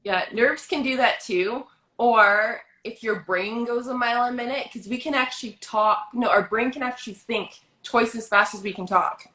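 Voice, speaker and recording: A Canadian woman with a Canadian accent hosts a casual chat. She talks fast and keeps saying yeah. Her voice is bright, and it echoes around the room. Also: on the high side. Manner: fast-talking, affirming with frequent yeahs. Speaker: host.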